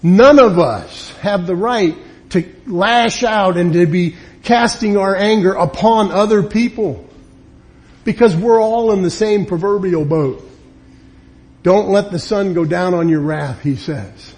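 A man's voice: high voice, unhurried. A man preaching a sermon, emphatic, acting out the people he quotes. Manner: emphatic, acts out quoted people with lively swings. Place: church or meeting room.

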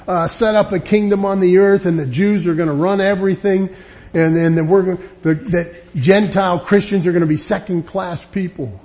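Male Bible teacher, fairly high voice, warm tone, earnest, restarts a lot. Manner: earnest, emphatic, with frequent restarts. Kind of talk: verse-by-verse Bible lesson.

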